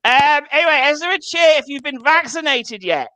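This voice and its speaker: A man's voice: extremely high pitch, expressive, moderate pace, background noise. An English man doing stand-up over a video call, swearing freely and laughing at his own jokes. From England. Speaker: stand-up comedian.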